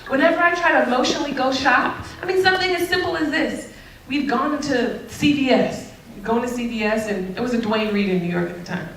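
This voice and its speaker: High-voiced sassy woman in a hall. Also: fairly quick, a little hiss or hum. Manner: animated, sassy, often laughing. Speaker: speaker addressing an audience. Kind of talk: candid talk about relationships. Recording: very echoey, mic far off.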